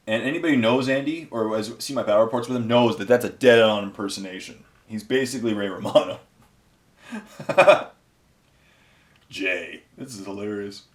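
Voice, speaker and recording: A man's voice: medium pitch, brisk. A tired man hosting a miniature-painting show at home, chatting in a rambling, offhand way. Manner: rambling, offhand, self-amused. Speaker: painting channel host. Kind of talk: casual chat while painting miniatures. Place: home, near a garage. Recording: roomy echo.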